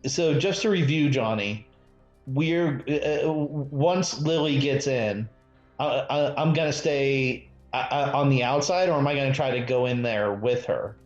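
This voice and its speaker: A man with a mid-range voice, speaking a little slowly, plays a casual tabletop role-playing game and talks hesitantly with many restarts. Faint music plays behind him, and the lo-fi mic sounds echoey and dull.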